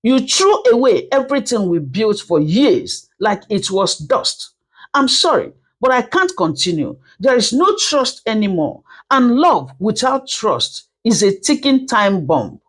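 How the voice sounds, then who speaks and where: A woman voicing a deeply hurt wife who speaks slowly with a shaking voice, firm in refusing her husband. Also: very animated, husky, full character voice. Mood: hurt resolute. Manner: slow, voice shaking. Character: wounded wife, firm through tears.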